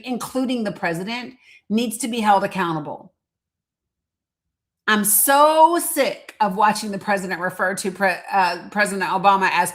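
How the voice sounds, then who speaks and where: A woman's voice: mid-range voice, a bit bright. A woman hosting a commentary monologue, talking in a heated, blunt way, swearing and reading quotes aloud. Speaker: host.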